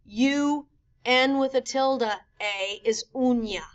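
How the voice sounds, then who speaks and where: Woman teacher going over rules slow and clear, kinda high voice. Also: a bit bright, muffled recording. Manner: clear, methodical explaining with slow spelled-out examples. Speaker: Spanish teacher. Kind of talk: recorded classroom lesson.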